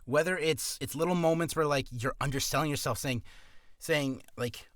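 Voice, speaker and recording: A man's voice: on the high side, fairly quick, fairly bright tone, no echo, studio quality. A man giving casual career advice on a vlog, rambling with restarts and coughing now and then from acid reflux.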